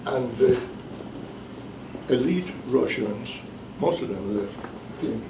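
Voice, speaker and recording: A man giving a classroom lecture as the professor leading a course, talking deliberately and emphatically and repeating his key points. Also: mid-range voice, animated, noisy background. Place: bookstore cafe classroom. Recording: echoey room, mic at a distance.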